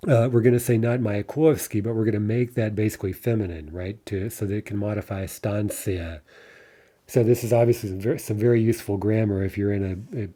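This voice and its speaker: A man's voice: on the low side, mellow. A man giving a grammar lesson, explaining step by step, checking in with "right?" and drawing out the example words. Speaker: Russian language teacher. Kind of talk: lecture-style grammar lesson.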